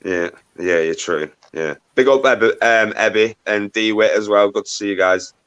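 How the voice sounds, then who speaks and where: Low-voiced, sweary livestream host. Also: male voice, normal speed, clean tone, dry recording. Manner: sweary, shouts out viewers by name. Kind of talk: casual chat.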